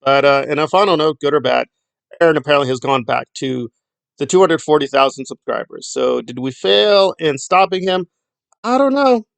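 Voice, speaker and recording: A man's voice: on the high side, animated, normal speed, vocal fry, dry recording. A middle-aged man giving blunt, sarcastic commentary in a rambling vlog. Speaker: YouTube commentator.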